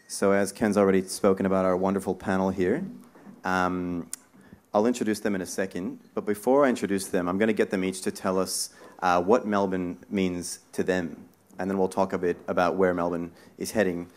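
A man moderating a live panel talk, speaking in a relaxed way with frequent hesitations and fillers. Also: deep voice, moderate pace. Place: live talk event in a bar venue.

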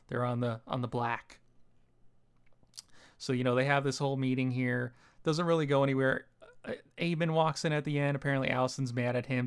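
Rambling casual male reviewer. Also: mid-range voice. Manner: rambling, heavy with fillers like "you know" and "like". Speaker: TV episode reviewer.

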